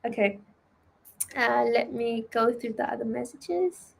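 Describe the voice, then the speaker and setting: A woman's voice: fairly high pitch, a little slow, creaky, breathy edge. A woman with a German accent, a non-native speaker of English, chatting loosely as she teaches trading on a live stream, with many fillers and "right?" tags.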